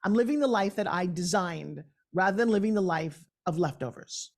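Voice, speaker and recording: A middle-aged woman, a guest on an interview show, talking in an energetic, emphatic and upbeat way. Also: on the low side, moderate pace. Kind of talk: conversational interview.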